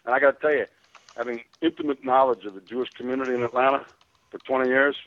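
A man's voice: mid-range voice, flat delivery, quick pace, fairly bright tone, no room sound. Caller: American man, rambling, heavy restarts, muffled dry phone-in line. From United States. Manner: rambling, many restarts and fillers. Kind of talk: call-in radio rant.

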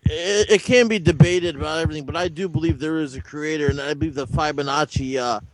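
A man's voice: a little high, fairly even intonation, fast, crowd noise. A man hosting a radio talk show in a casual way, stammering and repeating words.

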